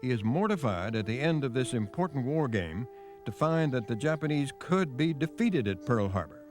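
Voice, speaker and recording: A man narrating a television news documentary in a measured, grave scripted delivery. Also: medium pitch, big pitch swings, soft background music. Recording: faint noise on a VHS broadcast.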